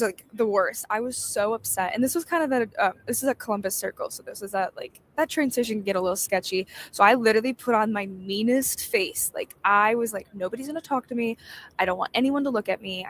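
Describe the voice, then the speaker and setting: A woman's voice: medium pitch, vocal fry, slight background noise. A young woman giving a casual devotional talk, chatty and storytelling, laughing often. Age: young adult. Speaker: devotional host.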